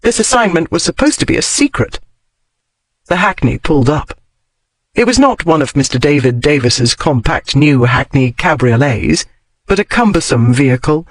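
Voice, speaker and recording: A man reading a historical romance novel aloud as audiobook narrator, in a measured storytelling manner. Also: medium pitch, no room sound. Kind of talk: scripted narration.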